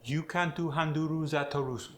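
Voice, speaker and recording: A man voicing an English speaker with a put-on Japanese accent, flat in tone and adding vowels after final consonants. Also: a little high, brisk, echoey room, voice pushed up, natural voice. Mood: flat, deliberate.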